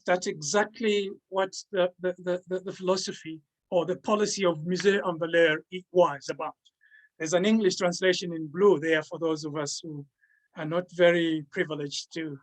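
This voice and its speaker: A man presenting his own book in an academic talk over a video call, halting and repeating words as he restarts his sentences. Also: high-pitched, rough recording.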